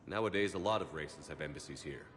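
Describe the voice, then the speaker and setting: Commander Shepard, a steady military commander. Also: male voice, very deep voice, fast talker, a little hiss or hum. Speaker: player character, military commander.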